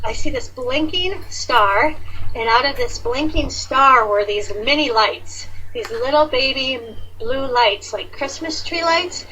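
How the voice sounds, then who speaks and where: A woman in casual conversation, telling a personal story in a chatty, animated way with many fillers. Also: high voice, slow pace, slight background noise, poor audio. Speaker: guest sharing awakening story.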